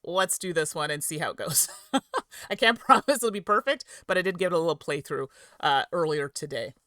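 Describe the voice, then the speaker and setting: Woman streamer, slightly low voice, dry close sound, chatty and giggly, keeps correcting herself. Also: fairly quick, a bit bright, dry recording. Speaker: streamer and host. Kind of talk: live-stream rules explanation and chat with viewers.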